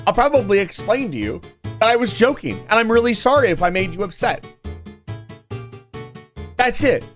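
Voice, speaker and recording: A young man talks to his live-stream chat, acting angry as a joke and then reassuring everyone. His voice sits a little high and jumps around in lively swings. Faint music plays quietly behind him. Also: normal speed. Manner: mock-angry joking that turns earnest.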